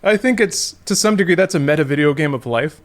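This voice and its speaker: A man in his thirties with a somewhat raised voice, thinking aloud in a relaxed podcast conversation. He wanders through his points, restarting sentences as he goes. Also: on the high side, fast. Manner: rambling, musing, self-correcting. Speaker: podcast co-host. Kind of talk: casual chat.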